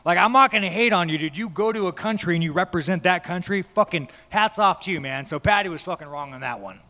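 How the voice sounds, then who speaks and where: A man's voice: high-pitched, fast talker, pushed and bright. A man, a fighter at a media day, giving blunt, profane, rambling answers to reporters. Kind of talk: press scrum answers. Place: large media day room. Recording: echoey hall.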